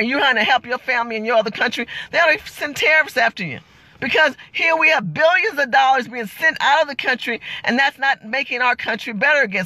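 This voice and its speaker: A woman's voice: sits high, pushed and bright, no room sound. A middle-aged woman delivering an impassioned political vlog rant, blunt and fiery, firing off rhetorical questions and curses. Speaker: political commentator.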